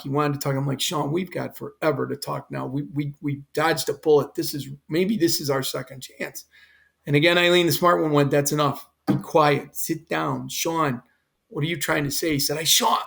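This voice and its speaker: Older man, gravelly voice, fairly high pitch, earnest emotional storytelling, former fire chief. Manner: earnest, quotes others in his own voice.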